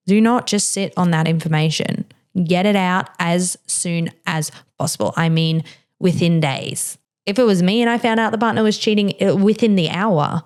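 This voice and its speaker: A woman's voice: lowish voice, a little mellow. A woman hosting a podcast, a mother answering listener questions in a frank, chatty way, with plenty of "like" and "you know". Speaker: podcast host. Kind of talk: casual advice chat.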